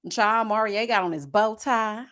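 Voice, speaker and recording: A young woman hosting a casual live recap of a reality show, talking with sass, slang and plenty of shade. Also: mid-range voice. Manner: sassy, animated, throws shade with slang asides. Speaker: host of a reality-show review channel.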